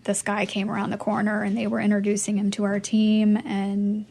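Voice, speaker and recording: A woman's voice: medium pitch, moderate pace, creaky. A woman guest in an interview, telling a story with energy, acting out the lines of the people in it and laughing often. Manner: lively storyteller who acts out dialogue and laughs often. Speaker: charity fundraiser guest.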